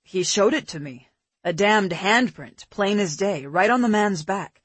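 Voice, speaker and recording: A woman narrator voicing a calm, caring adult man in an audiobook, speaking steadily and methodically. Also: medium pitch, unhurried, slightly rough, no echo. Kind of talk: audiobook character voice.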